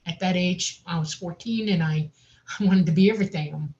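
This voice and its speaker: A woman recounting a personal experience in a casual, animated way, laughing often and saying "I mean" a lot. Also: on the low side, brisk, muffled recording. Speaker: guest recounting an abduction experience.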